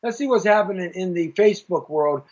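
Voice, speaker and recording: A man's voice: high voice, fairly quick, darkish tone. A middle-aged man hosting a live-streamed talk show, rambling in a jokey, opinionated way and reading out viewers' comments. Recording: dull lo-fi live stream audio.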